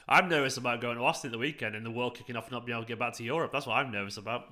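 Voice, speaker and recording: A man hosts a live football watchalong in a bright, forward voice. He chats loosely with his viewers and breaks off to react to the match. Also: mid-range voice, rapid-fire. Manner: chatty, reacts to the match while answering viewers. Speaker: fan channel host.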